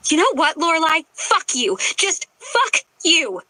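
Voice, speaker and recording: A woman's voice: high voice, expressive, normal speed, bright, forceful tone, no echo, pitched above the performer's own voice, exaggerated voice, poor audio. A woman voicing an angry, protective teenage girl confronting her sister with firm, raised words. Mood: furious.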